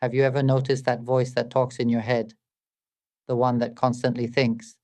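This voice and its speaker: A man delivers a meditative spiritual talk in a steady, level tone that barely rises or falls, at a middle pitch. He sounds calm and measured and keeps asking his listeners rhetorical questions. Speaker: spiritual teacher.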